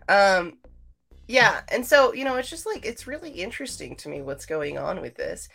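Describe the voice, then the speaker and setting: A woman's voice: medium pitch, very animated, normal speed, gravelly, a bit bright, husky. A woman hosting a livestream, chatting casually and rambling straight to her viewers. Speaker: livestream host.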